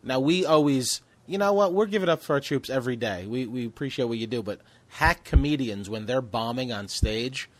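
A man's voice: mid-range voice, a little fast, few pauses, no room sound. A man co-hosting a comedy podcast, chatting casually and acting out the people in his stories. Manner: animated storytelling, acts out quotes. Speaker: podcast co-host.

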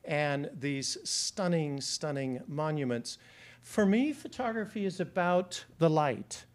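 Middle-aged guy giving a travel talk, voice a bit on the high side, lots of ums. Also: lively intonation. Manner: anecdotal, with many filler pauses. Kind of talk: slide-show travel talk.

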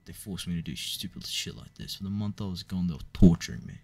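A young man in a mock-dramatic comedy rant, sardonic and swearing, with sudden loud bursts. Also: low voice, expressive, fast, vocal fry. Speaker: comedy YouTuber.

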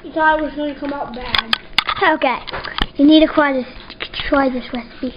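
A woman's voice: high voice, steady tone, normal speed. A woman at a family dinner table, giving short casual replies. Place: home dining table. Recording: lo-fi home video, noisy room.

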